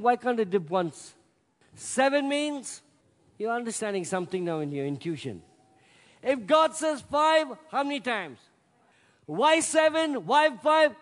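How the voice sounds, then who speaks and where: A man preaching a sermon with emphatic delivery that swells to loud peaks. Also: extremely high pitch. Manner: emphatic, rising to loud peaks, acts out scripture voices. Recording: long hall reverb.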